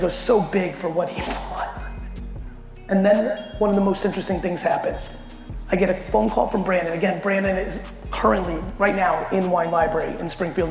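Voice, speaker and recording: A middle-aged man telling a story in a talk to a company audience, animated and full of swearing. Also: high voice, creaky. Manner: profane, animated, fast storyteller. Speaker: keynote speaker. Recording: echoey hall with long reverb, faint music.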